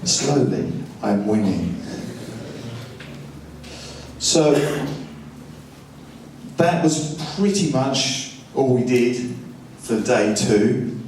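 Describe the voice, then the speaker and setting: A man's voice: mid-range voice, lively intonation, extremely slow, long pauses, a little mellow, slight background noise. A man who is a record producer, telling studio stories in a dry anecdotal way and acting out what people said. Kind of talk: studio walkthrough talk. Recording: distant roomy mic with music.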